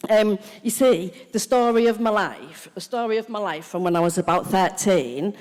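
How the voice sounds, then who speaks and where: A woman from Hull, England, giving her personal testimony as main speaker at a recovery convention, excited and animated. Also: mid-range voice, moderate pace, few pauses. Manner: excited, animated, breathless storytelling. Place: large convention hall. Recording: long reverb of a large hall.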